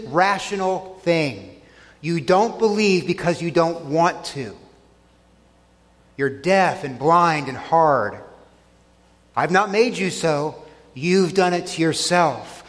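A middle-aged man preaching a sermon to a congregation, earnest, often dropping soft and low on key lines. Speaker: pastor. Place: church sanctuary. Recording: long church hall reverb.

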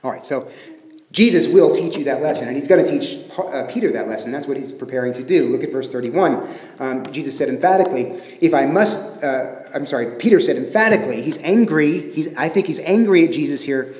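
A man preaching a sermon as pastor, talking conversationally and swinging between emphatic stresses and hushed, quiet phrases. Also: medium pitch, lively intonation, brisk. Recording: echoey hall with long reverb.

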